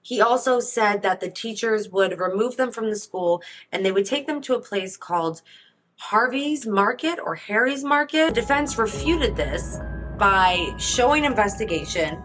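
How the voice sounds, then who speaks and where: A woman's voice: mid-range voice, animated, a little slow, a bit bright, soft background music, low-quality recording. A woman podcast host narrating a court case in a casual, conversational way, reading from transcripts.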